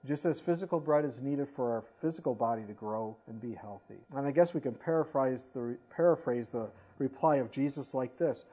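A man's voice: medium pitch, a little fast, hardly any pauses, mellow, husky, lo-fi sound. A man preaching a sermon as a pastor, reading scripture aloud and then explaining it in casual, conversational asides.

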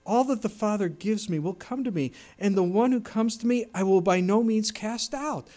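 A man delivering a sermon, his voice sitting a little higher than most men's. He preaches with earnest emphasis, leaning into the scripture he quotes and explains. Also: normal speed, warm tone. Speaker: pastor.

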